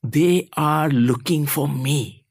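A man voicing a young boy who hides and answers the phone in a hushed whisper, in a slow story told during a sermon. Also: a little high, creaky, breathy edge, dry recording, clean studio sound, full character voice.

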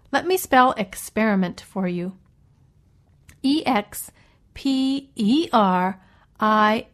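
A woman teaches English vocabulary at an unhurried pace, in a somewhat high voice. She works through a story patiently, stopping to explain new words and spell each one out letter by letter. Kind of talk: slow vocabulary lesson around a read-aloud story.

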